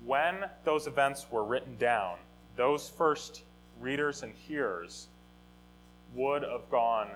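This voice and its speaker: A man teaching a Bible lesson in a conversational, animated way, often restarting and correcting himself. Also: medium pitch, slow, soft background music, rough recording. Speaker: teacher of a Bible study or sermon. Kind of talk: informal teaching talk.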